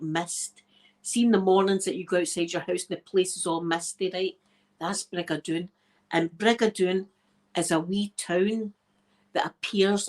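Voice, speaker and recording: A Scottish woman, an ASMR creator, chatting casually to her viewers as she tells a story, laughing often and checking in with "right?". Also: lowish voice. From Scotland.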